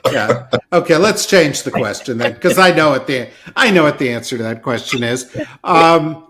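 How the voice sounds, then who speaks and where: A man's voice: on the high side, expressive, normal speed, noisy background. Joking New Jersey-accented male host. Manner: self-deprecating, joking. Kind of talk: podcast discussion.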